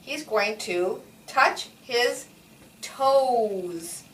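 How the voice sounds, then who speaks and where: A woman speech therapist prompting a young child word by word in a slow, animated way during a one-on-one session. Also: on the high side. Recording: echoey room, mic at a distance.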